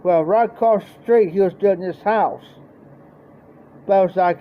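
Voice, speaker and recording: A man with a Midwestern American accent tells a rambling, folksy story on a live stream, acting out the voices of its characters. His voice sits high and moves a little slowly, over dull lo-fi audio with faint noise.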